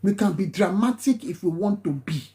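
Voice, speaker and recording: A woman's voice: mid-range voice, animated, moderate pace, dark tone. Emphatic Nigerian woman lecturing. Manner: emphatic, preachy, repeats phrases for stress; slips into pidgin and Yoruba phrases. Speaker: nurse. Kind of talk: casual live-stream advice talk.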